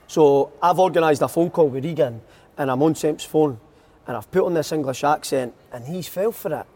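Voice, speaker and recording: Laughing often, a young Scottish man who plays football swaps stories in a relaxed podcast chat. He speaks at normal speed with a fairly high pitch and a darkish tone.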